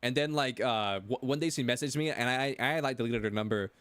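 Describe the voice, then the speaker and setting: A man's voice: mid-range voice, fairly quick, a bit bright, smooth, no echo. A male streamer telling a rambling story in casual chat, stammering and repeating himself as he goes.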